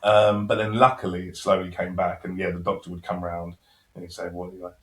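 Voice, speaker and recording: Man telling a story, low voice. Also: brisk. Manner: animated, acts out dialogue, swears casually. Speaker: podcast guest. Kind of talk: casual storytelling in an interview. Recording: roomy echo.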